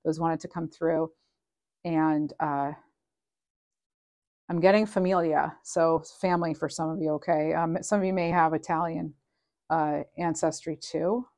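A woman's voice: deep voice, fairly even intonation, unhurried, darkish tone. A woman giving a casual, channeled tarot reading, chatty and meandering with frequent ums, reading card messages aloud. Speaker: tarot reader.

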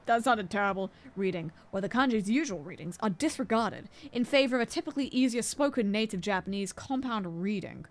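A woman streamer chatting casually over a game, playful and giggly as she sounds out Japanese words. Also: mid-range voice.

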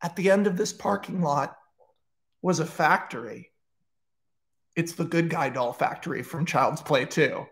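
Excitable, high-voiced man pitching a movie. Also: gravelly. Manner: excitable, profane, fast bursts with restarts. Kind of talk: casual livestream story pitch.

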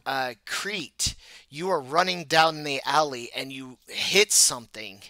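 Male game master, slow and halting, very bright, dry close sound. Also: fairly high pitch, no echo. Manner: halting, many fillers and restarts. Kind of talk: narrating a tabletop game.

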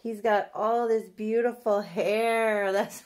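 A woman's voice: medium pitch, fairly even intonation, slow pace, hardly any pauses, darkish tone. A young adult woman chatting in a casual box-opening vlog, gushing and cooing over a new doll. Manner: gushing, coos and squeals. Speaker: vlogger.

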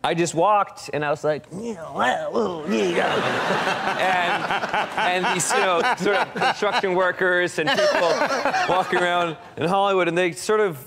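A man's voice: high voice, animated, fairly quick, few pauses. A man from Sweden, an actor in a casual interview, who tells anecdotes and laughs often as he talks. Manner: laughs often while telling stories. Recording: loud background noise.

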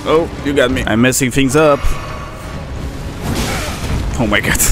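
A man's voice: medium pitch, measured pace, over music. A man commenting on his own gameplay, sarcastic and laughing often as he talks to the enemies. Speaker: gaming channel host.

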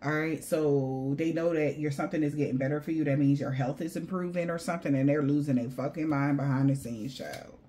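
Woman, tarot reader, lowish voice, blunt, profane, slangy, animated chatter. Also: a little fast, few pauses. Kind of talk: casual spiritual tarot reading to viewers.

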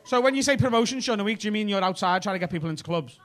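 Over heavy background noise, a man with a high-pitched Liverpool accent does stand-up crowd work on a comedy club stage. He's animated and rapid-fire, bantering with the audience in a cheeky, sweary way.

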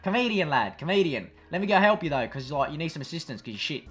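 Brief: male actor as a brash teen Aussie gamer, high-pitched, sing-song taunting. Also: sing-song, quick pace, a bit bright. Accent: Australian. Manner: brash, slangy, mocking. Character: cocky teenage male Aussie gamer lad. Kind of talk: comedy sketch over game voice chat.

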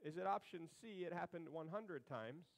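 Slightly high-voiced joking male pastor. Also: lively intonation, moderate pace, creaky, rough recording. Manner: conversational, humorous, sarcastic asides. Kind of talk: sermon.

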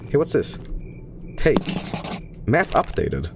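A man from Sweden streaming a horror game, commenting casually, swearing and yelling at what happens on screen. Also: medium pitch, slow, creaky, background noise. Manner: excitable, profane, yells and laughs at the game. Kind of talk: live gameplay commentary.

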